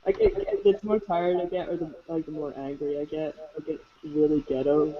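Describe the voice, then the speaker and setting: Southern American podcast co-host, halting. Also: mid-range voice, steady tone. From southern United States. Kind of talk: casual chat. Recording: dull lo-fi podcast audio.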